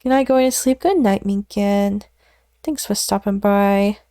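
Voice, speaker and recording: In casual study stream chatter, a woman with a medium-pitched, mellow, clean voice speaks unhurriedly, muttering element names to herself and often dropping to a whisper. She's self-deprecating and laughs at her own slips, captured in a dry, studio-quality recording.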